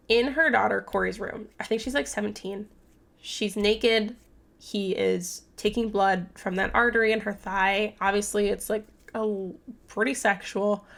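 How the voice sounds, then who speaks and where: A young woman vlogs a casual book recap, rambling and cursing freely. Her mid-pitched voice has a strong gravelly fry. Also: fairly bright tone. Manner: chatty, rambling, profane, many fillers. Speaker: book vlogger.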